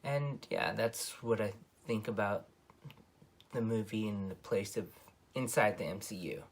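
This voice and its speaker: Husky low-voiced man rambling about films. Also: a little slow. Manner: rambling, many ums and self-corrections. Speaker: movie reviewer. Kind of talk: casual spoken film review.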